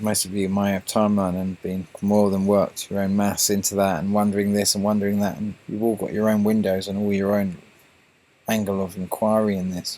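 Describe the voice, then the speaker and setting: A man's voice: lowish voice, a little mellow. An English man hosting his own channel, talking to viewers in a meandering monologue full of restarts and fillers. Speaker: channel host.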